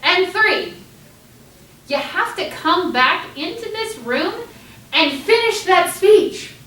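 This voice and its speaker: Woman teacher, high and very animated, lecturing with bright energy; echoey classroom, mic far off. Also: slow pace, a little hiss or hum. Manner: lively, animated, acts out students' panicked voices.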